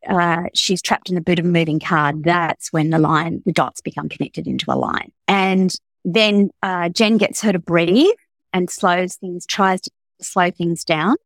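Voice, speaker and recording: A woman novelist explaining her writing process in an interview, thoughtful and a little halting. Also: on the low side, no echo. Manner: thoughtful, with frequent restarts and fillers. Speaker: novelist guest. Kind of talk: casual interview chat.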